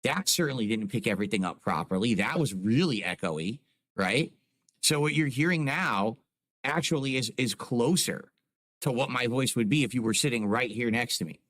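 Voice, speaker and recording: A man's voice: mid-range voice, expressive, moderate pace, fairly bright tone. A man streaming from home, chatting casually to his live chat and explaining things with lots of "like" and "you know", close on a desk microphone. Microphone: close desk microphone on a boom arm.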